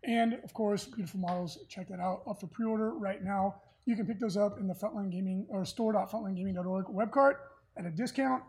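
Husky-voiced male podcast host. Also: high voice, fairly quick, few pauses, a little mellow. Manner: chatty, easygoing, with frequent filler words. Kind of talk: casual podcast chat about tabletop games.

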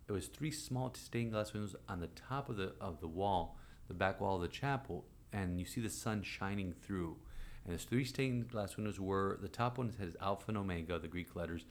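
A priest in his forties telling a personal story in conversation, animated and acting out quoted voices. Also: deep voice, moderate pace, slight background noise. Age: 40s.

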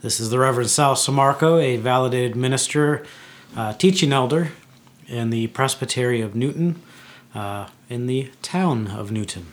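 A man's voice: mid-range voice, normal speed. A man co-hosting a casual podcast as a minister, telling puns and trading jokes. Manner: punning, jokey. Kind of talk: casual chat.

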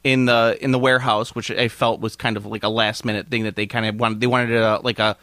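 A man's voice: lowish voice, little pitch movement, fairly quick, bright, forceful tone, no room sound. A man co-hosting a casual film-review chat, talking with enthusiasm and often starting his sentences over. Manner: enthusiastic, rambling with frequent restarts. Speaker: podcast co-host reviewing a film.

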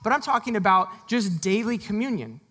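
A pastor giving a sermon in a relaxed, conversational way, laughing often and briefly voicing the people in the passage. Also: mid-range voice, moderate pace, slightly rough.

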